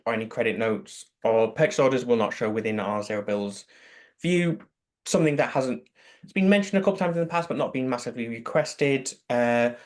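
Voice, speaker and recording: A man's voice: mid-range voice, darkish tone. A man answering webinar questions as a product expert, explaining things in a practical, matter-of-fact way over a video call.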